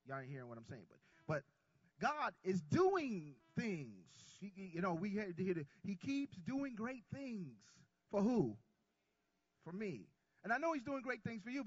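High-voiced man preaching with call-and-response. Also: no room sound, dull audio. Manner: drawn-out stressed words, swings between soft and loud. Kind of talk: sermon.

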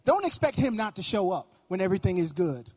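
A man's voice: sits high, very animated, fast, breathy edge. A male pastor preaching a sermon with emphatic, sing-song cadence and frequent repetition.

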